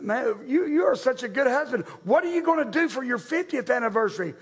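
A man's voice: extremely high pitch, animated, brisk, breathy edge, exaggerated voice. A man voicing an eager male pastor. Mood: earnest.

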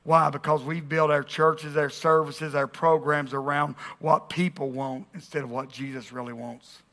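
High, bright-voiced pastor preaching. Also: male voice, little pitch movement, moderate pace. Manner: conversational preaching with jokes and audience call-outs. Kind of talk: sermon. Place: church auditorium with congregation.

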